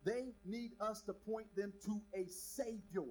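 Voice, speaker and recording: A man preaching a sermon as pastor, animated, swinging from soft asides to emphatic declarations. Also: high-pitched, a little slow, slight background noise, low-quality recording.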